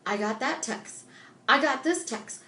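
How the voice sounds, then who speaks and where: High-pitched woman life coach talking live, lively and emphatic, roomy echo. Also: unhurried. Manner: emphatic and animated, acting out little dialogues. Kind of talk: motivational live stream talk.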